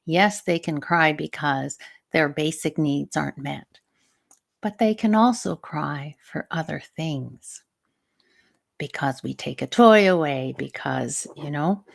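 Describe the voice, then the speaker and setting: A woman's voice: low voice, takes it slowly, gravelly. A middle-aged woman, a stress management coach and teacher, talking through a live show in a reflective way and often asking the listener questions.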